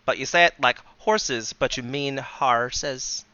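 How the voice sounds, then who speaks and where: A man's voice: mid-range voice, animated, moderate pace, pushed and bright, highs cut off, a little hiss or hum. A man running a tabletop game as game master, laughing often and joking at himself. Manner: laughs often, restarts, self-mocking.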